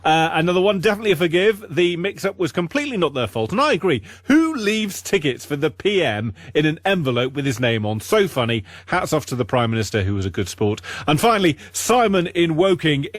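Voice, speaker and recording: A man's voice: fairly high pitch, big pitch swings, a little fast, few pauses, no echo. An English man co-presenting a radio show, giving dry, wry comments and reading out listener texts. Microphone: remote microphone.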